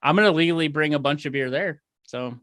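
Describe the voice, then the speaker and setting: Bright-voiced easygoing podcast host. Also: male voice, a little high, fairly quick, no room sound. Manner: easygoing, steers the talk back on task. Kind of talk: casual chat.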